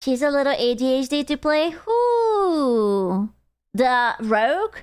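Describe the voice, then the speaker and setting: A woman's voice: high voice, sing-song, slow pace, no room sound. A woman streaming live who chats casually with her viewers, swearing freely, answering chat questions and mocking herself in a playful way, heard through a desktop mic. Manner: complaining and playfully self-mocking.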